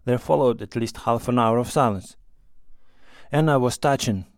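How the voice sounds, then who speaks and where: A male narrator reads a classic novel calmly and evenly, at a middle pitch. The recording is dry and close, with no room echo. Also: normal speed. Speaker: audiobook narrator. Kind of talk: scripted narration.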